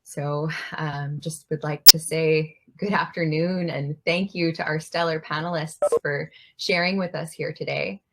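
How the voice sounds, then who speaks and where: A young woman activist introducing a document at an online event, gracious and measured. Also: deep voice, steady tone, pushed and bright. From United States. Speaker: youth climate activist, presenter.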